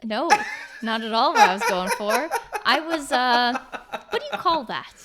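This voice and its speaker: A woman's voice: fairly high pitch, very animated, normal speed, over a noisy crowd. A woman co-hosting a podcast in playful, teasing casual chat. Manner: playful, teasing, gets giggly. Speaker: podcast co-host.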